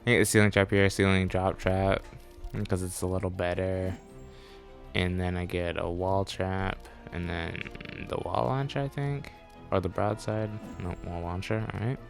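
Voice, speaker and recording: A man's voice: low-pitched, fairly even intonation, normal speed, gravelly, soft background music. A man giving a rambling, self-correcting voice-over commentary on his gameplay, speaking offhand as a gaming channel host. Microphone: desktop mic.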